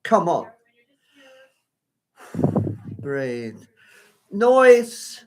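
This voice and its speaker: A man's voice: on the high side, big pitch swings, takes it slowly, creaky, pauses often. A man giving a live solo performance at home, rambling and flustered as he talks to himself. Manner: rambling, flustered self-talk. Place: at home by a window.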